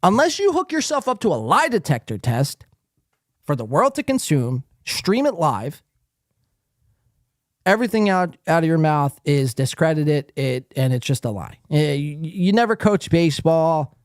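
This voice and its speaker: A man's voice: fairly high pitch, big pitch swings, moderate pace, dry recording, studio quality. A man hosting a live podcast, reading chat comments aloud and ranting at a viewer in a profane, confrontational, taunting way. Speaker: podcast host.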